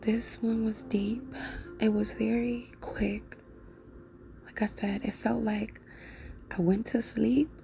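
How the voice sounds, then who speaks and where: A woman telling a dream in a soft, unvoiced whisper with many fillers, as a whispered vlog. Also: a little high, flat delivery, takes it slowly, creaky, long pauses, soft background music. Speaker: vlogger.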